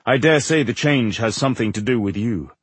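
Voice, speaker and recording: A man's voice: mid-range voice, fairly quick, slightly rough, no room sound, close to an everyday voice. Ancient undead dwarf king, read by a man. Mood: grave. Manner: calm, reassuring.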